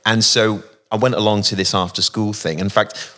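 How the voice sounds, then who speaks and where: A man from England, a guest musician in a casual interview, telling thoughtful anecdotes with frequent pauses and fillers. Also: on the low side, steady tone, pushed and bright. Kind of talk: casual interview, reflective storytelling.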